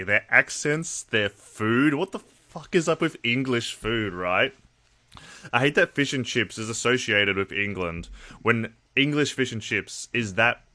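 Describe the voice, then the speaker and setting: Crude joking streamer, bright tone. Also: male voice, on the low side, no echo. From Australia. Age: 20s. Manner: crude, joking, reads chat aloud. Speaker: livestreamer. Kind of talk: casual livestream chat.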